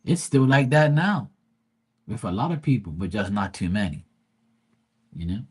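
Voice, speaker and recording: Husky-voiced man rambling with profanity. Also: fairly low pitch, normal speed. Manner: profane, rambling, animated quoting of family. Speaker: livestream host. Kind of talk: casual storytelling on a livestream.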